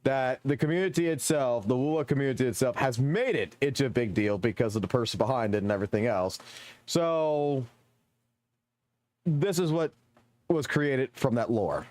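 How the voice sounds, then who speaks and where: A man's voice: medium pitch, moderate pace, a little mellow. A male streamer talking casually and profanely while reacting to clips. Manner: offhand, profane muttering.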